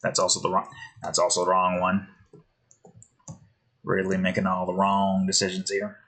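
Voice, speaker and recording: A man's voice: low-pitched, completely flat delivery, moderate pace, bright, forceful tone, poor audio. A man, a game developer, thinking aloud as he builds, muttering hesitantly and questioning himself.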